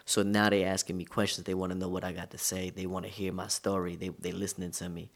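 A man from the United States, a guest in an interview, telling stories in a relaxed, slangy, conversational way. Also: deep voice, quick pace, creaky. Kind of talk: casual storytelling interview.

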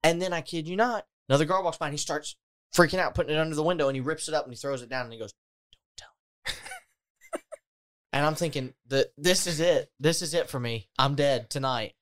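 A man telling a story in casual chat, animated and laughing often. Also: a little high, fast talker.

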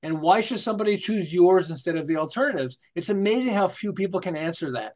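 An older man with a fairly high voice for a man, speaking as a podcast guest. He talks in lively stories, slips into the voices of the people he quotes, and keeps tossing in "okay?" to check his listener is following. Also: quick pace, hardly any pauses. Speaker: marketing guest. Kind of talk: storytelling interview talk.

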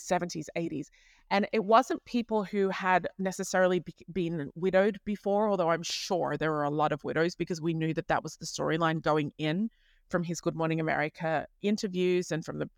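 A woman hosting a podcast in a chatty, animated monologue, often correcting herself mid-sentence. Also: lowish voice, no room sound, studio quality. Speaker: podcast host.

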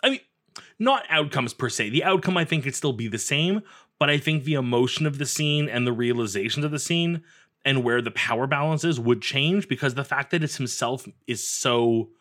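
A man co-hosting a podcast, talking in an enthusiastic, animated way with lots of "like". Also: mid-range voice, normal speed. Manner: animated, enthusiastic, says "like" often. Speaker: podcast co-host. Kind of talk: casual podcast discussion.

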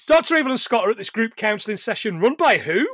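A British man co-hosting a casual film podcast, animated, reading quotes aloud and laughing often. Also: high voice, fast talker, no echo, clean studio sound. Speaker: podcast co-host.

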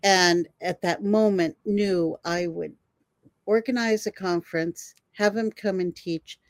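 An older woman telling her stories with animated, expressive energy, often breaking into laughter. Her voice sits on the lower side and sounds dry and close to the mic, with hardly any room sound. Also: slow pace, no room sound. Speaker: herbalist guest. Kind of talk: storytelling in a conversation.

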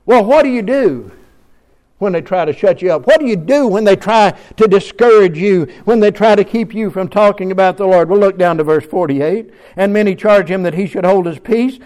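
A man preaching a sermon in a folksy way, building up to loud calls to his congregation. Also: high voice, moderate pace. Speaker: pastor.

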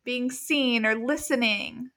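A woman's voice: a little high, takes it slowly, sharp tone. A woman mindset coach as a podcast guest, talking in an earnest, reflective casual chat with many ums and likes.

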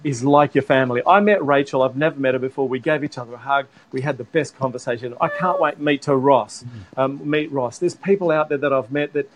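A man's voice: medium pitch, a little hiss or hum. An Australian man, a livestreamer guest, chatting on a panel in an enthusiastic, emphatic way. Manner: enthusiastic, emphatic, quick bursts of laughter. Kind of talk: casual panel chat.

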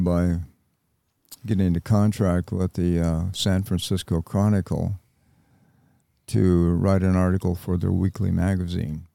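An older American man speaks in a very low, gravelly voice, slow and reflective, stopping often to find his words. His tone is dark and mellow, recorded close and dry. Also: no echo. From United States. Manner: halting, reflective, with many pauses. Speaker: interview guest, Vietnam veteran. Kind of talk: reflective interview talk.

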